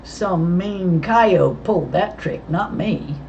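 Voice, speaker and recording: A woman's voice: lowish voice, animated, slow, gravelly, a little mellow, lo-fi sound, a little hiss or hum, full character voice. Woman doing a drawling, defensive ranch hand.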